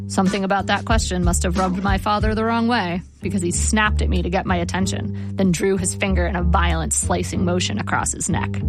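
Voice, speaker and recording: A woman reading her memoir aloud in a wry, measured storytelling manner. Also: medium pitch, gravelly. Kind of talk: memoir audiobook narration. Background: guitar music.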